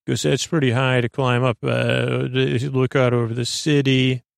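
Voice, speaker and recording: Male podcast host with a gravelly, even-toned delivery, rambling through a sleepy retelling. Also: medium pitch, normal speed, dry recording, clean studio sound. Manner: meandering, full of filler words.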